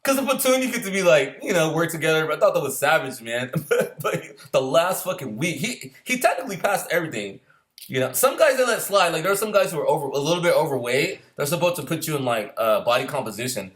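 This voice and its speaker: Fast-talking profane man telling stories. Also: on the high side, animated. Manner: profane, laughs often between lines; acts out yelling drill instructors. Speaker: storyteller recalling boot camp. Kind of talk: casual anecdote.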